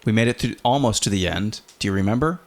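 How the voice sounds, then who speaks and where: A man in his thirties co-hosting a podcast in a relaxed, casual chat, with many fillers and restarts. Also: lowish voice, fast talker. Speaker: podcast co-host.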